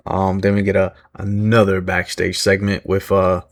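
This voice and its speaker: A man with a slightly low voice talks through a recap in a loose, rambling way. He fills gaps with "uh" and "um", chuckles often and pokes fun at himself. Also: completely flat delivery, normal speed. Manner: rambling, self-deprecating, many fillers and chuckles. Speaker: wrestling recap vlogger. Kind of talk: casual recap commentary.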